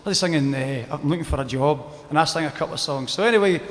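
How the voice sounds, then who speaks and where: Chatty Scottish folk singer, echoey live. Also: male voice, a little high, quick pace. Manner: chatty, rambling, bursts into song. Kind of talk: storytelling between songs at a live gig. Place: outdoor square at a live event.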